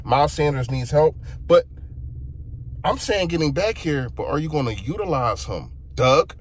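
A young man vents in a heated, exasperated football rant. His voice sits a little higher than most men's, and he addresses the audience directly and bluntly. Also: expressive, normal speed. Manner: heated and frustrated, talks straight to the listener. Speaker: sports fan vlogger. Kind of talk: sports opinion rant.

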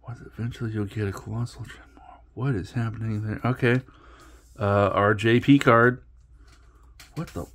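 Rambling man opening card packs. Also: fairly low pitch. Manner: rambling, self-mocking, stumbles over card names. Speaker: card-opening channel host. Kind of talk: casual pack-opening commentary.

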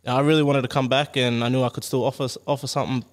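A young man from Brisbane, a guest athlete, telling his story in a relaxed, plain way with fillers. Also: medium pitch, very fast. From Brisbane, Australia. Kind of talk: casual chat.

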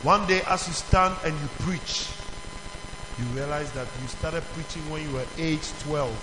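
A man's voice: on the high side, normal speed, over music. A man teaching a children's church in call-and-response, asking questions and prompting the group to answer. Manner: animated, questioning the audience, calling for answers. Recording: reverberant hall.

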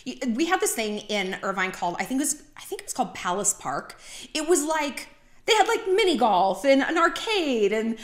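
A woman vlogger giving casual dating advice in a chatty monologue, full of "like" and quick asides. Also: high-pitched. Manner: talkative, heavy use of "like", animated asides. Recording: roomy echo.

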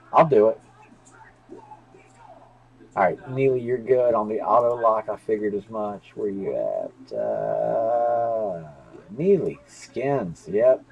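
A man's voice: on the low side, vocal fry, husky, rough recording. A man hosting a live sports card break, rambling and chatty, talking straight to viewers and cursing freely. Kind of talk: casual live-stream chat.

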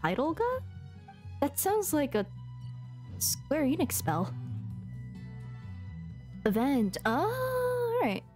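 A woman's voice: high-pitched, wildly swooping pitch, very slow, long pauses, a little mellow. A woman streamer giving casual, chatty commentary as she plays, talking to herself and giggling often. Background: game music.

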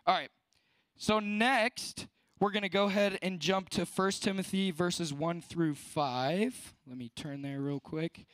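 A teenage guy preaching a youth talk in a notably high voice, chatty and loose, with "like" dropped into almost every sentence. The sound is dry and close, with no room echo. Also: a little slow, fairly bright tone. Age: late teens. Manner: conversational, fills speech with "like". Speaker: student speaker at a youth service. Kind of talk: casual youth sermon.

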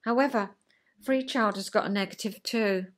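A woman hosting a podcast, chatting about psychology and acting out quoted voices with sudden pitch jumps. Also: moderate pace. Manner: chatty, checks in with listener. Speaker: podcast host. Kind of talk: casual chat explaining psychology.

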